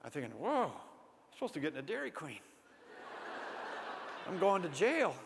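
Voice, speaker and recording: A man with a fairly high voice preaches through a story in a big hall, and long reverb trails each line. He tells it with lively drama, then sinks to near-whispers for the tender parts. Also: moderate pace, creaky, background noise. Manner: animated storyteller, drops to a hushed voice for tender moments. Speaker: speaker. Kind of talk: storytelling sermon.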